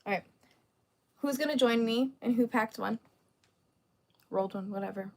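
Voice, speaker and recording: A woman's voice: a little high, normal speed. A young adult woman hosting a livestream, teasing commenters with sassy, laughing casual chat. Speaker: livestream host.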